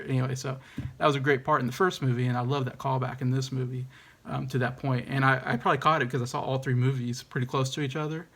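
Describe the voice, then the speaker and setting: A man's voice: medium pitch, level tone, fast talker, creaky, fairly bright tone, slightly rough. A man giving a casual, enthusiastic movie review, hesitant and rambling with many ums and restarts.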